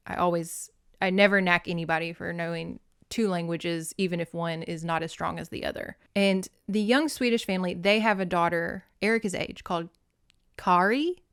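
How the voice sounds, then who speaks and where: A woman's voice: fairly low pitch, clean tone, no room sound, studio quality. Chatty woman recapping a book. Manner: chatty, swears, laughs often, animated retelling. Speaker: host reviewing books.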